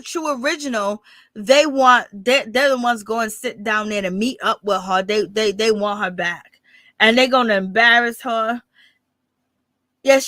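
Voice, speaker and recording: A woman's voice: fairly high pitch, sharp tone, no room sound. A woman hosting her channel, giving rambling, blunt and profane live gossip commentary. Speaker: channel host.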